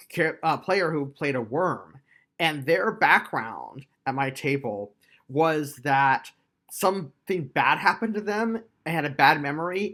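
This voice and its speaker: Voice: medium pitch, fairly bright tone. A tabletop game reviewer giving a casual video review, chatty and explanatory with frequent fillers.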